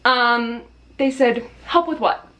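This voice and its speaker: A woman's voice: a little high, takes it slowly, sharp tone. A woman vlogger telling a storytime in a casual, dramatic way, swearing freely and laughing as she tells it. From Australia.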